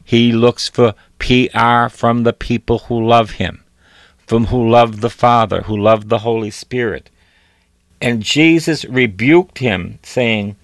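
A man's voice: medium pitch, fairly even intonation, slow, no echo. Man preaching a sermon, dry sound. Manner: repeats phrases for emphasis, reads scripture aloud.

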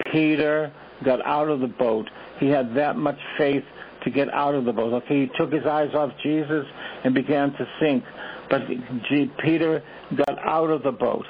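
A priest giving a sermon, repeating short exhortations and asking the listeners questions. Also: male voice, mid-range voice, phone-quality sound, a little hiss or hum. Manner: repetitive exhortations, rhetorical questions.

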